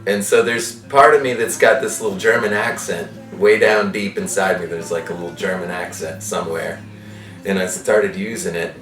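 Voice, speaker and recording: Low, campy man from Massachusetts giving a candid tour, distant mic, clear music behind. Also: steady tone, normal speed, a bit bright, echoey room. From Massachusetts, USA. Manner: playful, giggly, campy asides. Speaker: artist and musician interviewee. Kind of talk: candid interview and studio tour.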